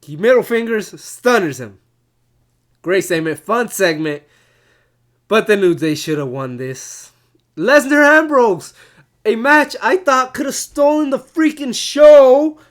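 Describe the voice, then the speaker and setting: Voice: mid-range voice, lively intonation, takes it slowly. A casual reviewer ranting in an exasperated way, laughing often and swearing freely. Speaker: wrestling show reviewer.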